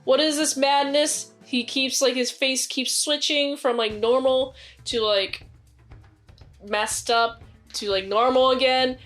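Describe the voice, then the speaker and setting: A woman with a slightly high voice retells a film in a loose, rambling way, leaning on "like" at every turn. Soft music plays faintly behind her. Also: fairly even intonation, slow pace. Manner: rambling, many "like"s, acts out quotes. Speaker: movie reviewer. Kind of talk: casual movie review.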